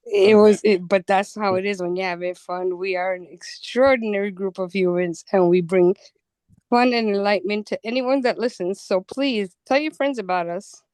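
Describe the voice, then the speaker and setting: A woman co-hosting a podcast in casual chat, animated and quick to laugh, often stammering into restarts. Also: medium pitch, smooth, dry recording. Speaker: podcast co-host.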